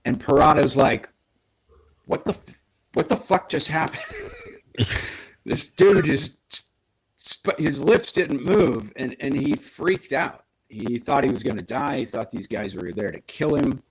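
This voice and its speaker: A man with a husky, slightly breathy voice of middling pitch tells a story on a podcast. He talks casually and with animation, acting out the lines he quotes. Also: lively intonation, measured pace, poor audio. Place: podcast studio.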